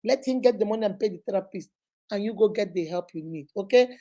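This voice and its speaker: A woman's voice: mid-range voice, quick pace, dark tone. A woman hosting a live advice session, emphatic and motherly, repeating points and calling the listener baby. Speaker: relationship advice host and child therapist.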